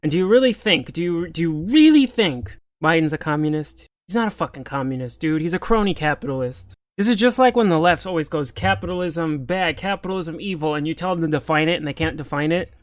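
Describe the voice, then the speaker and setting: A man's voice: on the high side, lively intonation, fast, few pauses, no echo. A man ranting in political commentary, exasperated, sarcastic and profane.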